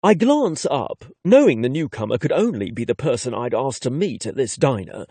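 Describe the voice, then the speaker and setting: A man's voice: medium pitch, big pitch swings, moderate pace, warm tone, slightly rough, dry recording. Cheeky male narrator. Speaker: audiobook narrator. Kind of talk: first-person romance narration.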